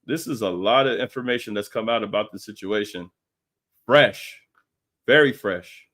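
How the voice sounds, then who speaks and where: A man's voice: fairly low pitch, normal speed, a bit bright. A man hosting a casual live stream, talking in a slangy, profane way and laughing often.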